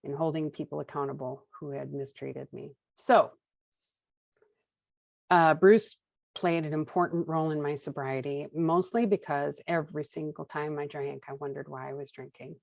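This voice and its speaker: A woman in her fifties from Minnesota tells her own recovery story in a candid, wry way, acting out the dialogue she recalls. Her voice sits low with a gravelly edge, and the sound is dry and close. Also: steady tone, normal speed, a little mellow, no echo, poor audio. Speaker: guest sharing recovery story. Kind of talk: casual personal storytelling.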